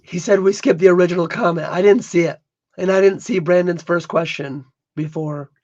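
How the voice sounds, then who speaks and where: A hoarse man who has lost most of his voice, co-hosting a casual livestream podcast and often stumbling and repeating his words. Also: high-pitched, steady tone, moderate pace, darkish tone, highs cut off. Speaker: podcast co-host.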